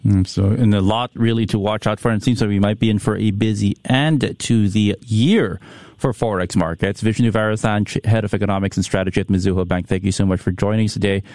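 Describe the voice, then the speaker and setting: Low-voiced male radio presenter. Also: fairly even intonation, brisk, darkish tone, dry recording. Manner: conversational, polite sign-off. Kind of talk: radio interview hosting.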